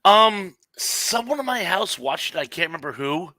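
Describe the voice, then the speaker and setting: Middle-aged man, co-host, reads viewer comments aloud, bright, slightly higher voice, dry close sound. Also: sing-song, moderate pace, no echo, rough recording. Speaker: podcast co-host. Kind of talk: casual live-stream chat.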